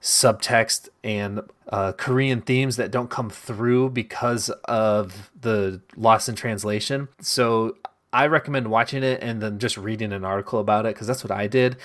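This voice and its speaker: A man's voice: on the low side, fairly even intonation, unhurried, a bit bright. A man hosting a podcast, talking at length in a casual, chatty way with many fillers. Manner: talkative, recommends with filler words. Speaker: podcast host. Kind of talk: casual chat.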